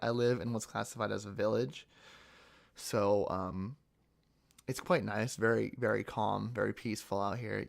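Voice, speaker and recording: A young man with a fairly low, gravelly voice answers comments from his viewers in a rambling, casual way, stumbling through fillers and restarts. He hosts an ASMR channel and comes from central Pennsylvania in the United States.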